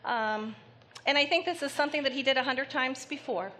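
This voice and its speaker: A woman psychic medium giving a live reading to an audience member in a theater, speaking gently and haltingly with many pauses. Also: high-pitched. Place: theater stage before an audience.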